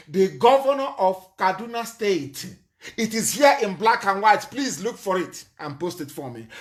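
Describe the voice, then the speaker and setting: A man with a Nigerian accent giving an impassioned live broadcast speech, angry and accusing, with sudden loud outbursts. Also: sits high.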